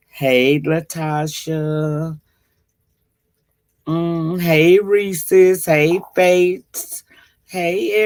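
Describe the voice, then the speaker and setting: A woman hosting a casual livestream, greeting viewers by name and chatting in a profane, drawn-out way. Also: lowish voice. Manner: slow, drawn-out delivery. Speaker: livestream host.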